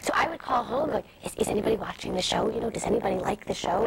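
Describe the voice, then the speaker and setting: A young woman tells stories at a quick clip, her voice full of gravelly fry. She is a television interview guest, lively and full of asides. The sound comes from a noisy early-2000s broadcast. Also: medium pitch. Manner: fast, animated anecdote-telling with many asides. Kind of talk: candid storytelling interview.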